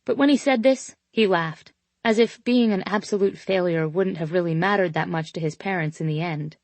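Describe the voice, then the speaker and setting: A woman narrating a romance audiobook in first person, steady and intimate. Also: lowish voice, normal speed, no echo.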